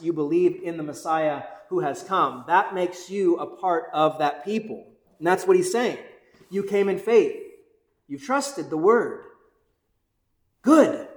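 Male pastor, somewhat high voice, lively conversational sermon, roomy church echo. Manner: energetic, conversational, keeps asking "right?"; excited, bouncing while preaching.

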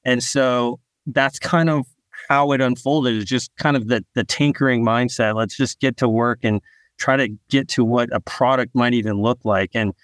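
A man, a startup founder, answering podcast interview questions in a relaxed storytelling way, often repeating a word as he restarts. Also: mid-range voice, normal speed, no room sound, clean studio sound.

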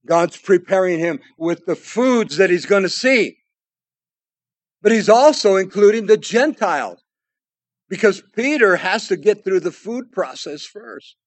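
Older male pastor, high voice, dry close sound, folksy preaching with jokes. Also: no echo. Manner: folksy, joking asides, dynamic swings from loud to hushed. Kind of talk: sermon.

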